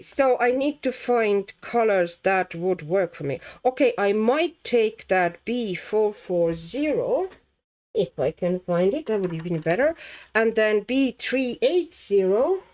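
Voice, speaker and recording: A woman hosts a relaxed livestream and chats while she colours. She talks at an unhurried, slow pace, greets viewers by name, and thinks aloud as she works. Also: medium pitch. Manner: chatty, laughs often, reads chat names aloud; muses aloud while working. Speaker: livestream host. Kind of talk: casual chat while colouring.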